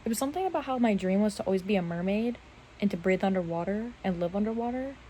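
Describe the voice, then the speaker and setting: A woman's voice: mid-range voice, animated, fast, dark tone, a little hiss or hum, rough recording. Rambling young woman on her phone. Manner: rambling, self-mocking, giggly. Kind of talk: casual late-night chat to phone camera. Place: bedroom at night. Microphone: phone camera.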